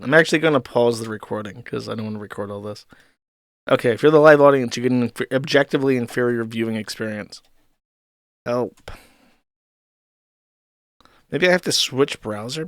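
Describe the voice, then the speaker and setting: A man hosts a live stream and talks to his chat in a rambling, irritable way, with a lot of swearing. His voice sits at an ordinary middle pitch. He is close to the mic and the sound is dry. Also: fairly bright tone, no room sound. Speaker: streamer host. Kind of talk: casual live-stream commentary.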